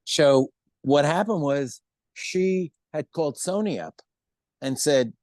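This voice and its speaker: An animated older man from the United States, appearing as an interview guest, tells a casual anecdote in a slightly high, slow voice with no echo. He acts out quoted voices and swears freely.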